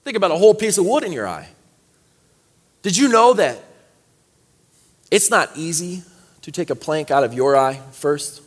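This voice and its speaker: High-voiced preacher in a reverberant hall. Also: male voice, sing-song, normal speed, pauses often. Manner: preaching with wide swings from quiet reading to loud high exhortation. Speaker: pastor. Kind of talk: sermon.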